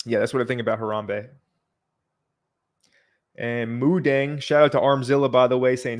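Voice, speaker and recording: Flat-voiced man hosting a chatty livestream. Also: medium pitch, normal speed, pauses often. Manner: relaxed, chatty, reads out viewer comments. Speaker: livestream host. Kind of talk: casual livestream commentary.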